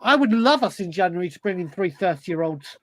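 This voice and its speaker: A man's voice: sits high, expressive, brisk, low-quality recording. A man hosting a football fan podcast, talking passionately and emphatically, often repeating himself for effect. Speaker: podcast host. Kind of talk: casual football chat.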